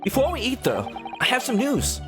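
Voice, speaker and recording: Guy doing a polite young japanese lawyer, light accent, lively voice. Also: very high-pitched, normal speed, over music, pitched above the performer's own voice, heavily acted. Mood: earnest. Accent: light Japanese accent on English. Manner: earnest, formal. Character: young male Japanese law student, earnest.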